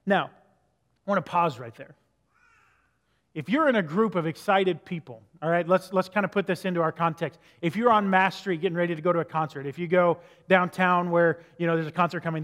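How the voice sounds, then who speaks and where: Pastor, male, high voice, casual preaching style, long hall reverb. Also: a bit bright. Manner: conversational preaching, asks the listeners questions. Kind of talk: sermon. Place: church sanctuary.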